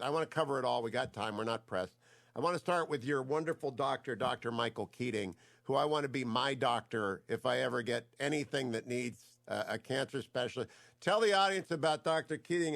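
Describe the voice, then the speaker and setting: A man's voice: mid-range voice, a bit bright. A man hosting a talk show interview, chatty and jokey, praising his guest before asking questions.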